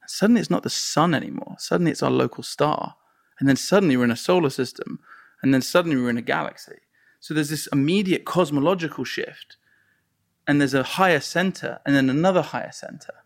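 An animated man, a filmmaker, tells stories with a gravelly rasp and a slightly high voice. His delivery is lively and playful. The sound is close and dry, with no room around it. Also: quick pace, no echo. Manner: lively, laughing, acts out crowd reactions. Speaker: filmmaker and guest. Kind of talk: animated storytelling in conversation.

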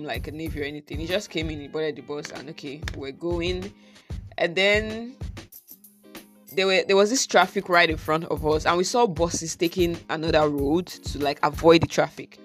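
Nigerian-accented vlogger, casual storytime, exasperated and chatty, soft music underneath. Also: medium pitch. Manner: chatty, exasperated, mixes in pidgin slang.

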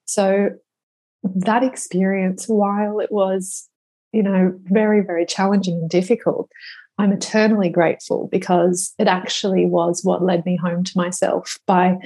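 A woman in her thirties, a podcast guest speaking slowly and reflectively, at times emotional. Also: mid-range voice, darkish tone, slightly rough. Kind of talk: conversational interview.

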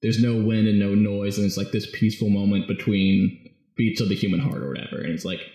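A man's voice: lowish voice, steady tone, brisk, dark tone. A man casually recapping a movie script as a podcast host, rambling and jokey, full of fillers. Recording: very echoey room.

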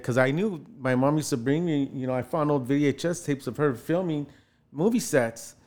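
A man in his forties tells a story in a casual interview, with a mid-range voice. He brings quoted people to life with sudden rises in pitch. His speech is loose and full of fillers. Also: normal speed. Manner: animated, acts out quoted voices with jumps in pitch, many fillers. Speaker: actor telling his start in film.

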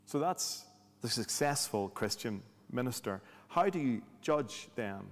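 A man's voice: mid-range voice, animated, measured pace. Man preaching in a reverberant hall. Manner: conversational, rhetorical questions, dry humor. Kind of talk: sermon.

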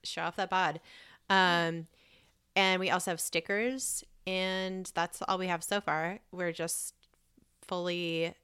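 A woman co-hosts a podcast in loose, frank chat, giggling easily and swearing now and then. Her voice sits on the low side but sounds bright. It comes across smooth and crisp. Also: level tone, takes it slowly. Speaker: podcast co-host. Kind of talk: casual chat.

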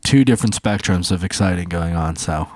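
A man co-hosting a podcast, chatting casually and telling stories with lively acted-out quotes. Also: a little fast, dry recording, clean studio sound. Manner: animated storyteller, acts out quotes in a high voice. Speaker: podcast co-host. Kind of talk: casual chat.

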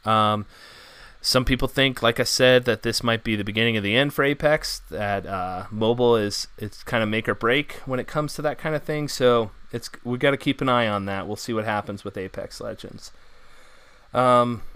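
A man hosting a gaming podcast runs through the news in a loose, rambling way, full of "um"s. His voice is bright and smooth. The sound is close and dry. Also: medium pitch, moderate pace, no echo. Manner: rambling, filler-heavy, upbeat. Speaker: podcast host. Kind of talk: casual gaming news chat.

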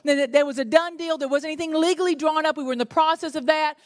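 A middle-aged woman, preaching a sermon and telling a personal story with animated, self-mocking humor. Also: sits high, quick pace, big-room sound. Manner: animated storytelling, laughs at herself. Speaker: pastor's wife and preacher.

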